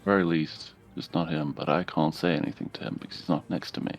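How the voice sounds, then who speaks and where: Man, very deep gravelly voice, wry asides, faint music. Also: flat delivery, fast. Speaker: player. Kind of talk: casual table chat.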